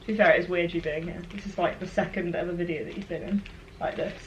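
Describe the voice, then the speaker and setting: A woman's voice: lowish voice, fairly even intonation, quick pace, lo-fi sound. A young woman in her twenties, chatting casually and giggling on a sit-down vlog. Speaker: vlogger. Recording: faint background noise.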